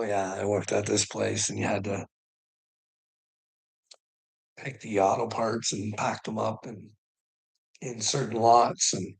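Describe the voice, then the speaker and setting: A man's voice: fairly low pitch, vocal fry, slightly rough, poor audio. A Canadian man ranting casually to his viewers, rambling and profane, with frequent chuckles. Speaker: vlogger.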